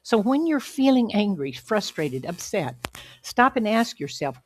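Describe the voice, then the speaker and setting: A woman giving an inspirational sermon as a guest speaker, telling a story in an earnest, measured way with emphatic pauses. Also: medium pitch, very animated. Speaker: guest speaker at a spiritual center.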